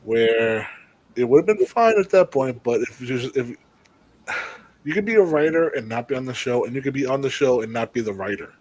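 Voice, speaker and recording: A man co-hosting a wrestling chat show in a blunt, casual way. He swears freely and laughs often. His voice sits at an ordinary middle pitch. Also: lively intonation, normal speed, darkish tone, no room sound, poor audio. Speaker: podcast co-host.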